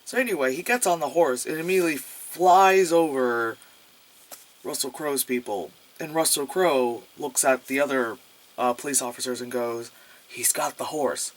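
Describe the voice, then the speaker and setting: A man talks through a movie in a loose, rambling way, sprinkling in filler words and dry sarcasm. His voice sits at an ordinary middle pitch. He swears freely as he goes. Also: moderate pace. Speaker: movie reviewer. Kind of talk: casual movie review.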